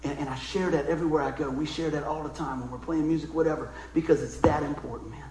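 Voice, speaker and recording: Folksy preacher, high voice, echoey room. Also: male voice, steady tone, fast, background noise. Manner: folksy, emotional storytelling with asides. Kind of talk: sermon.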